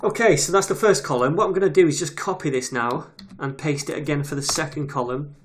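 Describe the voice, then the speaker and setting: A man's voice: on the high side, brisk. A man teaching a web development tutorial in a casual, chatty way, reading details aloud as he types. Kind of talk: screen-recorded coding tutorial. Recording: audible keyboard typing noise. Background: keyboard clicks and typing.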